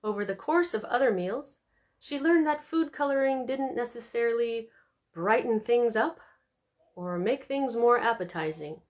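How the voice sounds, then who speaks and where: A woman reading an audiobook aloud in an expressive, animated way, doing the characters' voices. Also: a little high, a little slow. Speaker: audiobook narrator. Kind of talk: scripted narration.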